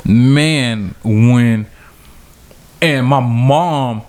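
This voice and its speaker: Brief: male podcast co-host, fairly high voice, lively storyteller who laughs through his story. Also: measured pace. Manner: animated, laughs often, acts out quotes in high voice. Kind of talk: casual storytelling chat.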